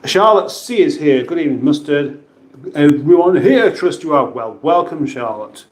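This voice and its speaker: A British man hosts a casual live chat from his kitchen, reading viewers' messages and putting on playful voices for their names. His voice is fairly high and animated at a normal speed, and the room gives a roomy echo.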